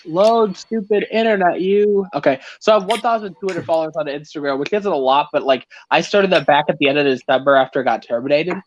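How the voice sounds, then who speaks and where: A man's voice: on the high side, fast, hardly any pauses, noisy background. Rambling young man on a muffled call. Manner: rambling, self-mocking, animated storytelling. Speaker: guest on a live stream. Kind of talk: casual chat.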